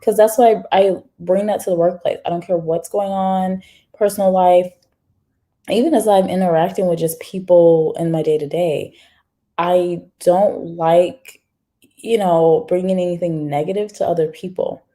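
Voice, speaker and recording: Chatty woman with a low, mellow voice. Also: normal speed. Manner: chatty, animated, talks straight to viewers. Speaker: livestream host reading viewer comments. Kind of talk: casual livestream chat.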